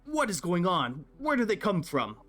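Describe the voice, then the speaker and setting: A large half-orc innkeeper blusters about strange events, as a man puts him on. His ranting sits a little higher than a plain voice. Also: wildly swooping pitch, moderate pace, fairly bright tone, exaggerated voice. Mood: alarmed.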